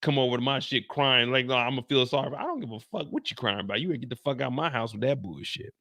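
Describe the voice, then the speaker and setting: Casting: male recap host, bright, gravelly, profane storyteller, dry close sound. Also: medium pitch, fast, no echo. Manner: loud, profane, animated, acts out dialogue. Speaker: show host.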